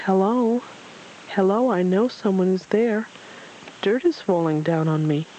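A reader voicing a tiny, timid piglet in a storybook, squeaky and shrill. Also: a little slow, mellow, highs cut off, a little hiss or hum, lightly acted. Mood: anxious. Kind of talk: storybook reading.

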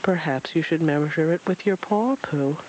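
A reader voicing a calm, gently amused stranger in a storybook. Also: medium pitch, normal speed, slight background noise, lightly acted, rough recording. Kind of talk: storybook reading.

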